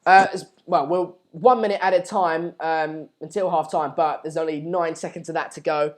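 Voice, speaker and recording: A man's voice: on the high side, steady tone, moderate pace. A young man hosting a casual live stream, reading out viewer comments in a hesitant, rambling way with many fillers.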